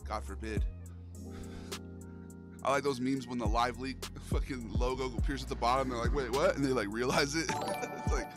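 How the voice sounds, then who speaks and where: A man's voice: mid-range voice, fairly even intonation, moderate pace, over music. Slangy young male streamer. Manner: loose, slangy, calls the audience "bro". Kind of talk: casual gaming livestream chat.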